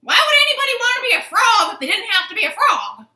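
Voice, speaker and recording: A woman voicing a loud, nosy parrot with a shrill, squawky delivery. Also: big pitch swings, fast, heavily acted. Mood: scornful. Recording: roomy living room.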